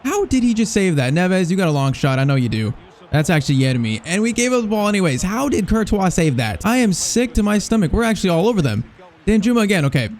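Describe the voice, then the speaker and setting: Excitable young man commenting gameplay. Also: high voice, fast talker. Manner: excitable, nervous reactions, spikes to shouts at chances. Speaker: gaming YouTuber.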